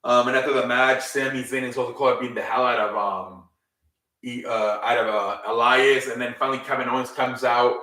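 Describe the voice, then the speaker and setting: A man's voice: medium pitch, steady tone, brisk, pushed and bright. A man casually recapping a wrestling show on his own, rambling, with lots of ums and casual swearing. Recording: echoey room, distant mic.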